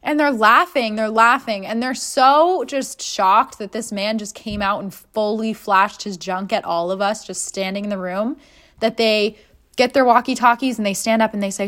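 A woman's voice: mid-range voice, moderate pace. A young woman hosting a podcast, telling a story in a casual monologue and acting out the voices of people she quotes. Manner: animated, acts out voices in quotes. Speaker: podcast host.

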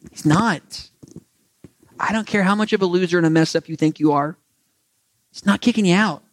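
A man preaching a conversational sermon with animated asides, then leading a prayer. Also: on the high side, dry recording. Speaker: pastor.

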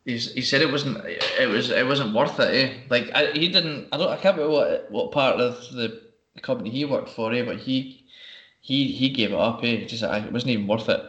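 A man's voice: medium pitch, animated, normal speed, fairly bright tone. Man, rambling storyteller. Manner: rambling storyteller, acts out quotes. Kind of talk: casual chat. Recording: roomy, dull lo-fi sound.

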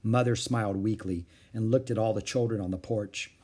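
A man reading a children's book aloud in an expressive storytelling manner. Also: on the low side, normal speed, breathy edge.

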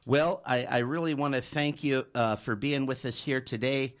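A man's voice: mid-range voice, steady tone, moderate pace. A man hosting a talk show who thanks his guest and tells a story in a loose, conversational way, often repeating words. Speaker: host. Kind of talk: talk show, telling an anecdote.

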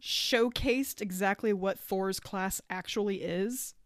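A woman's voice: mid-range voice, takes it slowly, no echo, clean studio sound. A woman hosting a tabletop gaming podcast in casual chat, upbeat and giggling between thoughts. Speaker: podcast host.

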